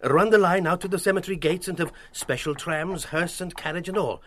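A man's voice: sits high, a little fast, fairly bright tone, slight background noise. An actor playing an earnest middle-aged man explaining his ideas.

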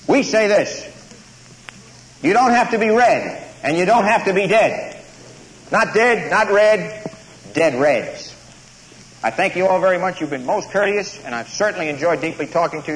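A man giving a declamatory public speech to a live audience in a lecture hall, then taking questions, building his points up to punchy lines. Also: fairly high pitch. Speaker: invited speaker at a campus lecture. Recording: roomy hall recording with faint hiss.

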